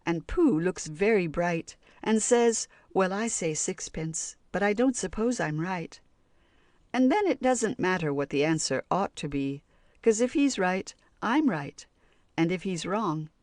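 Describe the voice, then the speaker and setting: A woman reading children's poems aloud in a slow, sing-song rhyming way. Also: fairly low pitch, a little mellow, no room sound, clean studio sound. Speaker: audiobook reader.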